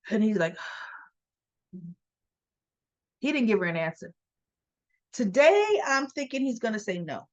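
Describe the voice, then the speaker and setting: A woman's voice: mid-range voice, takes it slowly, long pauses, highs cut off. A woman hosting a casual soap opera recap, retelling scenes by quoting the characters and adding opinionated asides. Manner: animated storyteller, quotes characters in dialogue, opinionated asides.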